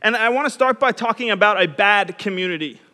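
A young man gives a chatty, self-deprecating sermon as a youth pastor, telling stories along the way. His voice sits high and bright. The sound echoes through a large hall. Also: lively intonation, fairly quick.

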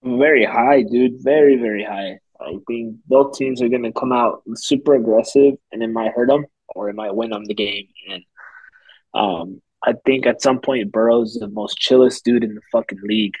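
A man's voice: medium pitch, moderate pace, gravelly, darkish tone, breathy edge, no echo, dull audio. A man co-hosting a sports podcast, giving confident betting picks in a laid-back, casual way. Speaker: podcast co-host.

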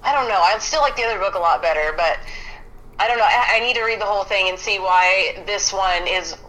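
A woman chatting as a guest, excitable and quick to laugh, swearing freely. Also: mid-range voice, poor audio. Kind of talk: casual chat.

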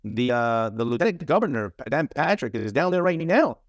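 A man's voice: mid-range voice, sing-song, moderate pace, no echo, dull audio. A man with a mid-range voice tells his stories as an interview guest, pressing his points hard and often circling back over his own words. The sound is dry and close, with no room around it. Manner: emphatic storyteller, repeats words and restarts. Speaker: guest, former trafficking investigator. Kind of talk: interview conversation.

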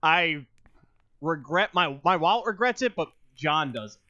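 Deadpan podcast guy, bright sharp voice, kinda muffled lo-fi mic, no room echo. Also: on the high side, a little slow. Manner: dry, deadpan humor. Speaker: podcast co-host. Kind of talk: casual chat.

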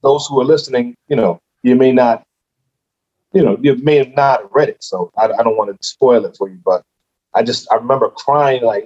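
A man's voice: medium pitch, moderate pace, darkish tone, husky, muffled recording. A man who is a guest on a podcast, telling his story casually and animatedly, acting out his own reactions.

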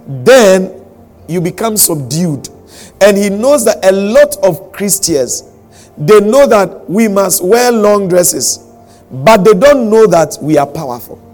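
A man preaches a sermon, pressing his points and repeating them for weight. His voice sits a little high for a man. Faint music runs beneath his words. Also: darkish tone. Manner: emphatic, repeats key lines, acts out quotes. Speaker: pastor.

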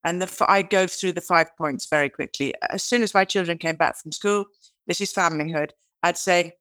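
Guest: British woman, lively raconteur, dry close sound. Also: lowish voice, fairly quick, dry recording. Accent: British English. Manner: animated storyteller who acts out quoted lines; chatty, restarts and repeats words. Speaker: guest author. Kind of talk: interview conversation.

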